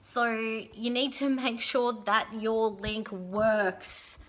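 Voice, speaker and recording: A young woman giving chatty, casual advice in a vlog, often checking in with "yeah?" and filling pauses with "um". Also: fairly high pitch, a bit bright, slight background noise. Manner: chatty, frequent "yeah?" tag questions and ums. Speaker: pole and aerial competition vlogger.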